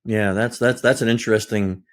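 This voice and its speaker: A man's voice: fairly low pitch, fairly even intonation, normal speed. Man hosting a podcast, telling stories. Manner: storytelling, enthusiastic, with restarts. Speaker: podcast host. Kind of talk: podcast discussion.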